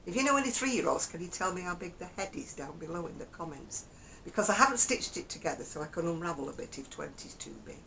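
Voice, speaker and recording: Speaking fast and expressively, this Oldham crochet vlogger with a Lancashire accent rambles through a casual to-camera vlog, her pitch swinging widely and small chuckles popping up often. Her tone is fairly bright, but the audio quality is poor and a faint low rumble runs underneath.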